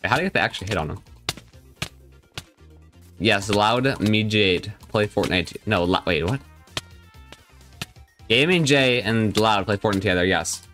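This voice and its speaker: A man's voice: lowish voice, measured pace, long pauses, a bit bright, soft background music. A young man live-streaming a game, chatting casually and joking as he reads and answers his viewers' chat.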